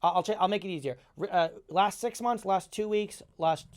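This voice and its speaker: Fast-talking, excitable New man. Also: sits high. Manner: fast, excitable, repeats himself. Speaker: guest, magician and entertainer. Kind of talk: animated podcast chat.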